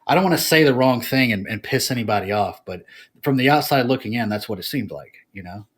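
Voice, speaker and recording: A man's voice: medium pitch, animated, fast, fairly bright tone, breathy edge. A man from the United States in casual podcast chat, rambling and hesitant, trailing off. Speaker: streamer guest.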